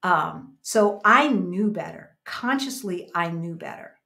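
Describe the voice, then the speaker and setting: A woman's voice: fairly low pitch, lively intonation, takes it slowly, creaky, pushed and bright. An American woman in her fifties, co-hosting a casual livestream chat and telling stories in a reflective way. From United States. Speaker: livestream co-host. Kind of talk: casual chat, reading viewer comments.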